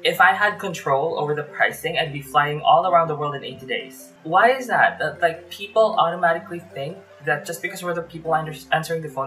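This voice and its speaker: A man's voice: on the high side, sharp tone, low-quality recording. A man from the Philippines vlogs about his call center days from his small bedroom, a fan humming nearby. He talks in a loose, chatty way, full of fillers, and acts out his phone calls as he goes. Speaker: vlogger. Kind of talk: casual storytelling vlog.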